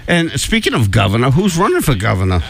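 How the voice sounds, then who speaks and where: Wisecracking radio co-host with swooping voice. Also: male voice, medium pitch, wildly swooping pitch, fast talker, vocal fry, fairly bright tone. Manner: dry wisecracks. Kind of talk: joking radio banter.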